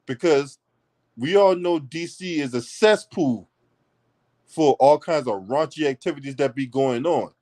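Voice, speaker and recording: A man's voice: on the high side, a little slow, a little mellow. A man hosting his own political commentary channel, delivering a blunt, mocking rant full of swearing. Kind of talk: profane heated commentary rant.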